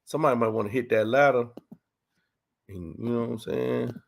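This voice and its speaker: A man's voice: mid-range voice, fairly quick, vocal fry. A man with a Texas accent hosting a casual livestream Q and A, talking loose street slang with lots of "you know what I'm saying". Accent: Texan. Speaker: livestream host.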